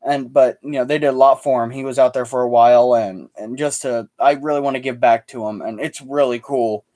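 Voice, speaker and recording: A man's voice: mid-range voice, fairly even intonation, a little fast, warm tone. A man hosting a casual livestream chat, telling stories with stumbling restarts. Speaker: livestream host.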